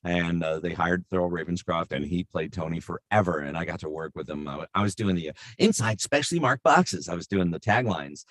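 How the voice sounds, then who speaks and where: A middle-aged man, a voice actor, telling stories in an animated, chatty way with plenty of fillers. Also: deep voice, a little fast, hardly any pauses, no room sound, clean studio sound. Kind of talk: anecdotal storytelling.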